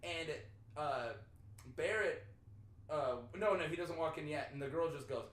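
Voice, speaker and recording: A young man from North Dakota hosting a podcast, telling animated stories in casual chat, swearing freely and acting out what people said. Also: a little high, brisk. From North Dakota, USA. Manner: animated storyteller, swears freely, acts out quotes. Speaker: podcast host. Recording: echoey room with faint ambience.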